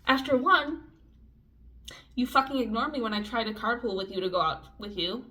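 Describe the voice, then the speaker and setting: A young woman telling a story in a casual vlog, talking fast and loose with lots of swearing and filler words. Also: on the high side, bright, forceful tone, slight background noise. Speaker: vlogger. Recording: dull lo-fi audio with faint music.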